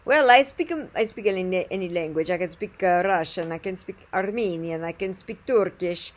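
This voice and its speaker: A woman's voice: lowish voice, moderate pace, close to an everyday voice. Woman doing a cheerful accented mechanic. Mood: easygoing. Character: cheerful male car mechanic with a mixed foreign accent.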